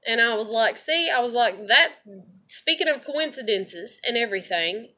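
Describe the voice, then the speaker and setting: Lady ranting to camera, cussing a lot, kinda high sharp voice, keeps repeating herself. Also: expressive, moderate pace. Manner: blunt, profane, rambling with repeated words. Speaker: vlogger. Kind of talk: casual venting monologue to camera.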